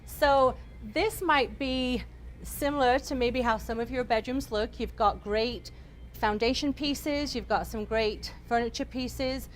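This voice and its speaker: A woman's voice: a little high, a little hiss or hum. A woman leading a home decor class in an upbeat, chatty way, with many fillers. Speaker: interior design instructor.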